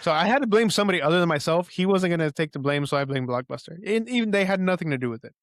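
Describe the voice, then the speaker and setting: Young animated storyteller, cussing, dry close mic. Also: male voice, fairly high pitch, racing, no room sound. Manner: animated storyteller, heavy swearing, acts out quotes. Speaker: podcast co-host. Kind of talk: casual storytelling chat.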